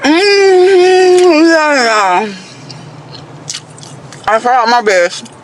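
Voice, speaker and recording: Very high-voiced man telling a story. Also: normal speed, a little hiss or hum. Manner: animated, addresses listeners as "y'all". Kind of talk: casual storytelling to camera.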